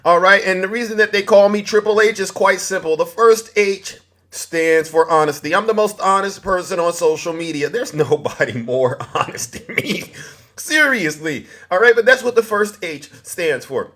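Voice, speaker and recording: A man's voice: high voice, moderate pace, a bit bright. A man hosting a TikTok livestream, boasting theatrically, laughing often and greeting viewers by name. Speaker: livestream host. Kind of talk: TikTok live commentary.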